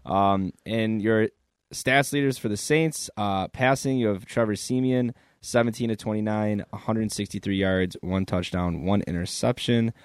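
A man's voice: on the low side, normal speed, clean tone, dry recording, clean studio sound. A man co-hosting a sports podcast in easygoing talk, reading out game stats. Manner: easygoing, reads stats lines. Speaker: podcast co-host. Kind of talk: casual sports podcast chat.

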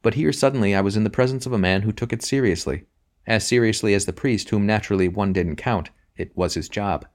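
A man reading a short story aloud in a measured, reflective way. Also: on the low side. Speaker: narrator. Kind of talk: audiobook reading.

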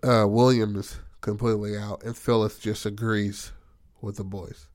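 A man's voice: fairly low pitch, moderate pace, no echo, studio quality. A man casually retelling a tabletop game session, swearing freely and acting out the characters' lines. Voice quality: profane, animated, acts out characters' lines. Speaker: storyteller recounting a tabletop game. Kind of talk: casual storytelling chat.

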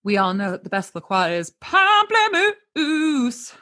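A woman's voice: high voice, big pitch swings, takes it slowly, pushed and bright. Playful woman host telling a story. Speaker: podcast host. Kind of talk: casual chat and scripted storytelling.

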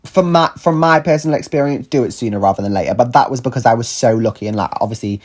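A man's voice: medium pitch, quick pace. A young man telling a personal story in a chatty, candid podcast monologue, full of fillers and the odd swear. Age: young adult. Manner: chatty, candid, sweary, lots of likes and ums. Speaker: podcast host.

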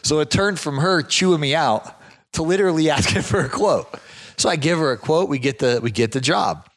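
A man's voice: fairly high pitch, fairly quick. A man who runs a property management business, telling a long, rambling anecdote in a casual conversation. He strings it out with fillers and restarts, and his voice jumps up when he quotes other people. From southeastern United States. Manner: animated when quoting others.

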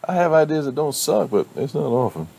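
A man's voice: mid-range voice, big pitch swings, brisk, vocal fry, mellow, slightly rough, pitched above the performer's own voice, exaggerated voice. A man doing a cheeky, upbeat girlfriend. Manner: upbeat, joking.

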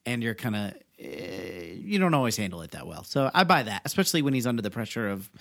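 A man's voice: fairly low pitch, big pitch swings, fast, gravelly, fairly bright tone. A man co-hosting a casual movie discussion podcast, making dry, wry asides. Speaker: podcast co-host.

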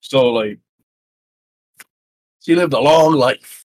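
A man's voice: medium pitch, takes it slowly, darkish tone. A young man from Hawaii co-hosting a casual podcast, laid-back, swearing and hedging with "like" and "I don't know". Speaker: podcast co-host.

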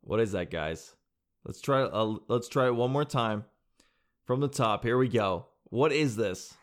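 Man, casual reaction host, lively swooping voice, chatty and laughing. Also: mid-range voice, measured pace. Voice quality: animated, laughing, addresses viewers as guys and dude.

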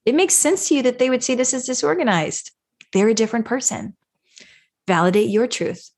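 A woman's voice: fairly high pitch, expressive, brisk, darkish tone. A woman hosting a parenting podcast, coaching listeners emphatically and acting out example phrases. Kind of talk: solo podcast teaching.

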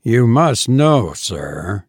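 A man's voice: medium pitch, sing-song, breathy edge, no echo, studio quality, exaggerated voice. A man reading aloud, voicing a suave, polite, sinister undertaker in a storybook reading. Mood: suave, pleasant. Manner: suave, pleasant, measured.

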